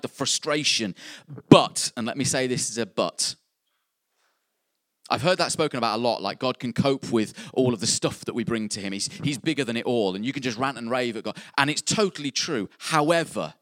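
A man's voice: mid-range voice, no room sound, clean studio sound. A man preaching a sermon, earnest and repeating key phrases for emphasis.

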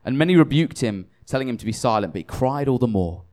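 A man's voice: mid-range voice, animated, fast, darkish tone. A tired man preaching a conversational sermon, self-deprecating and chatty, often restarting his sentences.

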